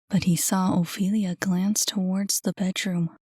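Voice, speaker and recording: A woman narrating an audiobook in a soft, hushed voice. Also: on the low side, little pitch movement, a little slow, breathy edge, dry recording, clean studio sound. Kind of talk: scripted narration.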